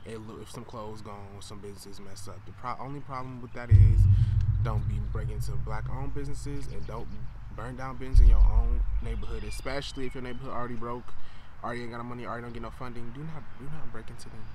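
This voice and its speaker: A man's voice: mid-range voice, steady tone, fast, noisy background. A young man from Wisconsin talking straight to camera in a casual vlog, blunt and impassioned. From Wisconsin, USA. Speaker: vlogger.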